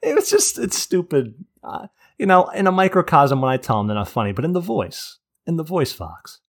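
A man's voice: fairly high pitch, big pitch swings, normal speed. A man hosting a casual gaming podcast, crude and sardonic, swearing often. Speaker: podcast host.

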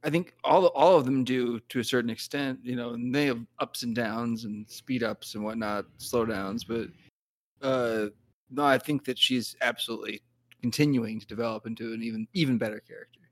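A man with an ordinary mid-range voice joins a casual podcast conversation. He speaks haltingly, with restarts and "uh"s. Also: mid-range voice, fairly even intonation. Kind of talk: casual chat.

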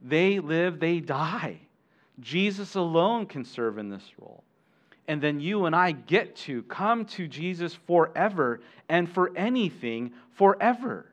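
A man's voice: fairly high pitch, sing-song, unhurried, lo-fi sound. A man preaching a sermon as pastor, talking conversationally with asides to the congregation and frequent restarts.

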